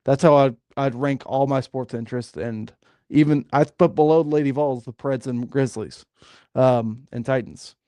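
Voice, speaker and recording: A man's voice: medium pitch, steady tone, moderate pace, dark tone, clear, resonant tone, no room sound. A man co-hosting a sports podcast in casual chat, frustrated and ranting. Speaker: podcast co-host.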